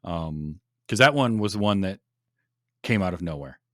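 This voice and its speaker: A man's voice: sits low, animated, unhurried, a bit bright, no echo, clean studio sound. A man hosting a podcast in casual chat, enthusiastic, laughing often and restarting his sentences. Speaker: podcast host.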